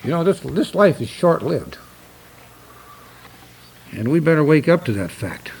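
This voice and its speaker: An older man preaching a sermon, stern and emphatic, slowing down to read scripture aloud. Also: a little high, sing-song, a little mellow, a little hiss or hum, low-quality recording.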